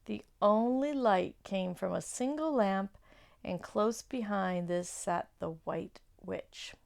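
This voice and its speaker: A woman from a church children's ministry reading a chapter book aloud to children, pausing for chatty questions and asides. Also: medium pitch, creaky, a little mellow.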